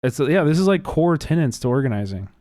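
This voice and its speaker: A man hosting a livestream, talking casually in an animated, profane, rambling way with many restarts. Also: fairly high pitch, fairly quick, dry recording, studio quality. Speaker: livestream host. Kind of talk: casual reaction chat.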